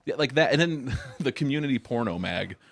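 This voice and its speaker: A man in casual chat, telling a story in halting bits with restarts and laughs. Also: mid-range voice, animated, vocal fry, no echo. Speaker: podcast guest.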